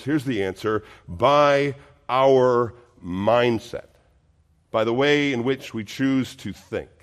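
A male pastor preaching a sermon, earnest and emphatic, full of rhetorical questions. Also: medium pitch.

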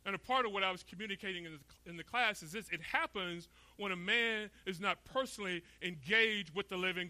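A man's voice: high voice, sharp tone, no echo. Middle-aged male preacher from Florida, emphatic and questioning, dry close sound. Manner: emphatic, asks rhetorical questions, voices imagined speakers. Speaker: pastor. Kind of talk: expository sermon.

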